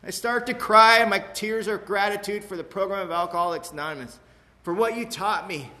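Man, 40s, bright forceful voice, emotional rambling testimony; echoey hall. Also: high voice, a little fast. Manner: emotional, rambling, repeats "you know what I mean". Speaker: speaker sharing at a recovery meeting. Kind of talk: personal testimony to a live audience. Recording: echoey hall with faint room noise.

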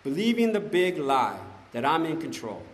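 A man's voice: fairly high pitch, very animated, normal speed. Man telling his story in an echoey hall. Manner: conversational, emphatic, keeps asking "right?". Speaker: recovery meeting speaker. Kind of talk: personal testimony talk. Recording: echoey hall, faint ambience.

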